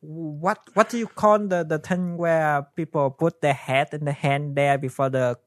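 Halting podcast co-host. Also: mid-range voice, fairly even intonation, dry recording, clean studio sound. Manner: halting, searches for words. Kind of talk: casual chat.

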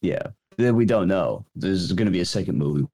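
A young man co-hosting a casual comedy podcast, riffing on jokes and laughing often. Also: brisk. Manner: laughing, riffs along, lively pitch. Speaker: podcast co-host.

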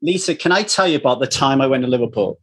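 A man's voice: medium pitch, quick pace, breathy edge. A man from Manchester with a Northern English accent, chatting casually and telling blunt, profane stories. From Manchester, England. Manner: blunt, swearing freely, lively storyteller. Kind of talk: casual chat, storytelling.

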